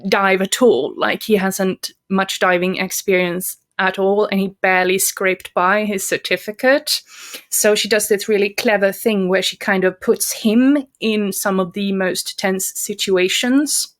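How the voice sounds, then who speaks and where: A woman co-hosting a podcast, chatting casually about a horror novel, laughing often and restarting her sentences. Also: medium pitch. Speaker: podcast co-host. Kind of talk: casual book discussion.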